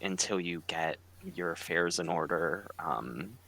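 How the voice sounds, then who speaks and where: A man playing a tabletop game, speaking gently and haltingly in character. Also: low-pitched. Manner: gentle, halting speech with fillers. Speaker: player.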